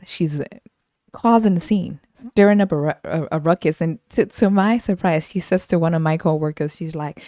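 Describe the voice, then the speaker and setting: A woman telling a casual story as a podcast host, animated and slangy, laughing often. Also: lowish voice, moderate pace, dry recording, studio quality.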